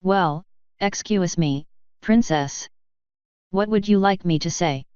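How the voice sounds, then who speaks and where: A woman's voice: on the low side, takes it slowly, darkish tone, smooth, no echo, highs cut off. A woman voicing a wry, sarcastic male hero in a fan fiction audiobook. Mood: guarded. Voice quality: sarcastic, exasperated.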